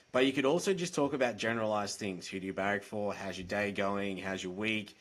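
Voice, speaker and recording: An Australian man appears as a podcast guest and mental health advocate over a video call, telling his story candidly in a direct, earnest, plain-spoken way. His fairly low, fairly bright voice moves fast with few pauses and fairly even intonation.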